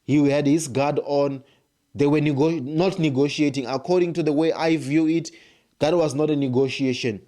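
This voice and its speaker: Emphatic man, mellow voice. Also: a little high, fairly even intonation, moderate pace. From South Africa. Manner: emphatic, repetitive, rhetorical questions. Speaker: political commentator. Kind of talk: opinion monologue to camera.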